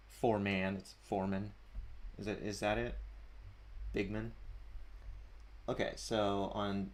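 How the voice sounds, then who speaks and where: A man hosting a casual livestream, chatting and reading out viewer comments with a chuckle. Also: on the low side. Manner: chatty, chuckling, reads usernames aloud. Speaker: livestream host. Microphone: desk mic at a streaming setup.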